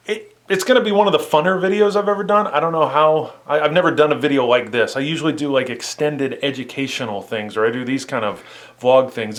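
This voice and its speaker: A man's voice: mid-range voice, a bit bright. A man in his thirties, chatting casually in a vlog as he explains his plans. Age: 30s. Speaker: vlogger.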